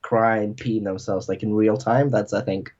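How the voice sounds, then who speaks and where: A man guesting on a podcast chats casually in a lowish, darkish voice with fairly even intonation and a measured pace. He rambles and leans heavily on fillers, especially "like." The audio is dull and lo-fi.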